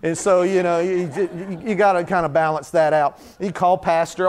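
High-voiced preacher man in a church. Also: very animated, fast talker, few pauses. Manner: conversational preaching with acted-out scenes, rising to fervent repetition. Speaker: pastor. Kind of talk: sermon.

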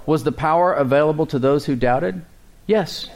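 A man's voice: on the high side, gravelly. Man preaching a call-and-response sermon. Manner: call-and-response preaching, slows to read scripture. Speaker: pastor.

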